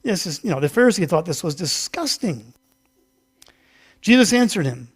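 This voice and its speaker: A man's voice: sits high, big pitch swings, normal speed, husky. A male pastor giving a casual, interactive sermon in a church, chatty and self-deprecating, acting out a Bible story with volunteers. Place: church sanctuary.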